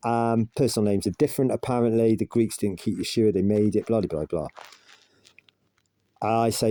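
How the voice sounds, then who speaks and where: A man's voice: on the low side, steady tone, normal speed, dark tone. A man casually recounting an argument with an AI, rambling and pushing back. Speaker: vlogger.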